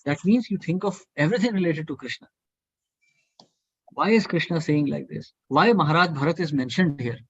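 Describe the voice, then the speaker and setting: In a devotional scripture study class, a man teaches earnestly and provocatively, repeating his points to urge listeners to think. His husky voice sits slightly high and a bit bright, at a moderate pace. The sound is dry and muffled like an online call, with no room sound.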